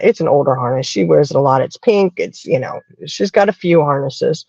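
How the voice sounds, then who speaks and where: A woman's voice: low voice, a little fast, few pauses, dark tone, dry recording, lo-fi sound. A woman from the American South with a Southern accent, hosting a casual chat and telling stories in a chatty way. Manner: chatty storyteller, acts out quoted voices. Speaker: podcast host.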